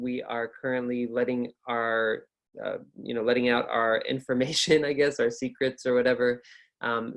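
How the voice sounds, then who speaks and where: Upbeat American male teacher in his 30s, chatty and casual, mid-pitched. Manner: upbeat, chatty, with fillers and restarts. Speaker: ESL and test-prep teacher. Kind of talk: casual online lecture.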